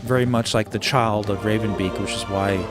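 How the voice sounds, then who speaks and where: A man's voice: fairly low pitch, fairly even intonation, a little fast. A man giving casual live commentary as he plays a game, thinking aloud with lots of fillers and restarts. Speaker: gaming streamer. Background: game music.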